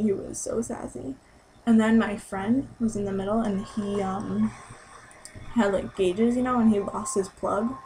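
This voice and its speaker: A woman's voice: medium pitch, a little mellow, slight background noise, low-quality recording. A young woman in a casual vlog, chatty and gushing as she recaps a concert, saying "like" constantly. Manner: chatty and gushing, heavy use of "like". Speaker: concert-goer recapping a show.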